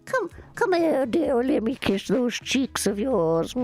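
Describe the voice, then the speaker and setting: A woman voicing a doting, chatty old grandmother with vocal fry, drawing out the ends of her sentences. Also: high voice, full character voice. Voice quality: vocal fry, wavering up-and-down sing-song. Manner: drawn-out endings, fussing. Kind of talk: streamer putting on a character voice.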